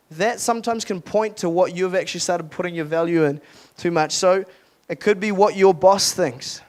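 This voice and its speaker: A man's voice: high-pitched, brisk. A young adult man, a youth pastor, giving a casual, earnest sermon at a retreat with lots of restarts and fillers.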